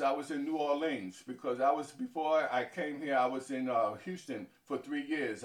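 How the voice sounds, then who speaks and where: A man from Harlem, New York, a deacon giving halting interview answers that often stumble and repeat words. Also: mid-range voice. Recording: echoey, from far off.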